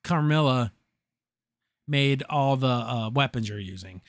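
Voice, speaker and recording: Sarcastic rambling podcast host, dry sound. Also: male voice, mid-range voice, animated, measured pace, pauses often, no room sound. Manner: rambling, sarcastic, lots of fillers and restarts. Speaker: podcast host reviewing a show. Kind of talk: casual episode recap.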